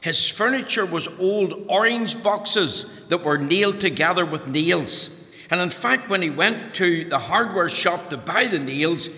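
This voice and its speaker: A man tells a children's story in a lively way, asking the boys and girls questions as he goes. His voice is high and bright. It carries a long reverb, as if in a large hall. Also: measured pace. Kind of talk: telling a children's story aloud.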